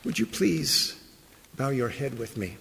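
A man's voice: medium pitch, big pitch swings, measured pace, gravelly, a bit bright, a little hiss or hum. A man preaching a morning sermon as pastor, emphatic and fond of rhetorical questions. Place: church sanctuary. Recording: long reverb of a large hall.

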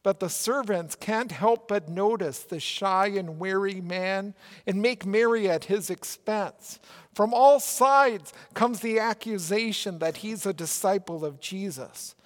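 A male pastor with a Minnesota accent preaching a sermon in a church, earnest and measured, with emphatic rises. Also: high-pitched. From Minnesota, United States. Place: church sanctuary. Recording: long church reverb.

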